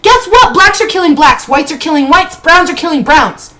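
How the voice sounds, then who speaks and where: A woman with a high voice rants bluntly during a live stream from her bedroom. Her speech is heated and full of swearing, and it is unscripted. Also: normal speed, background noise.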